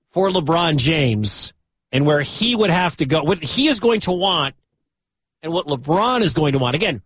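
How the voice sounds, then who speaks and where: Man, sports radio host, excitable, slightly high voice, husky, dry close sound. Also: no room sound. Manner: excitable, loud bursts of enthusiasm.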